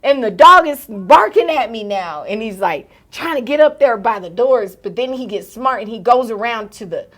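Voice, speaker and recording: Woman, 30s, podcast co-host, high voice, animated storyteller, dramatizes every beat. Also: moderate pace, few pauses. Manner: animated, acts out shouts and gasps in her story. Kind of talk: casual storytelling.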